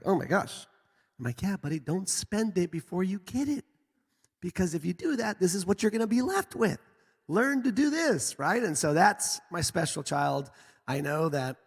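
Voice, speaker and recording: A male pastor delivers a sermon as lively, animated storytelling, his pitch leaping up and down. His voice is husky with a gravelly edge. The sound rings with long reverb from a large hall. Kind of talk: sermon with personal stories. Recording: echoey hall.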